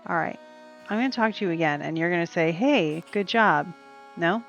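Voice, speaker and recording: A woman with a gravelly, creaky edge to her voice, rambling casually as she plays a cozy game on stream. The sound is dull and lo-fi, with faint game music underneath. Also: lowish voice, expressive, moderate pace. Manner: chatty and rambling, talking to the game and to her dog. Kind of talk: casual gameplay chat.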